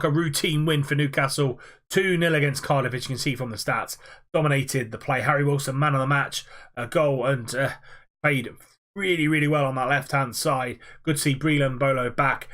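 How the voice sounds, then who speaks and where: Young man, upbeat gaming commentator calling football matches, slightly higher voice, filler-heavy delivery. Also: fairly even intonation, fairly bright tone. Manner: quick play-by-play with frequent "uh" fillers. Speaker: video game player commentating his own matches. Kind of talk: play-by-play football commentary over gameplay.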